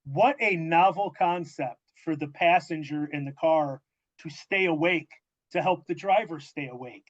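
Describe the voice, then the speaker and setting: A man's voice: a little high, measured pace, highs cut off. A man hosting a podcast, chatting casually in a joking, mock-incredulous way. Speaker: podcast host. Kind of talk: casual chat.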